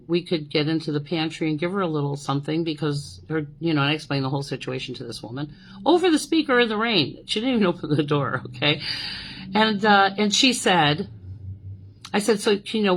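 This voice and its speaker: A middle-aged woman hosting a podcast, telling a personal story in a casual, animated way, often checking in with "okay?" and "you know". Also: low voice, rough recording. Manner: animated, repeats "okay?" and "you know", acts out quoted voices. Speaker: podcast host.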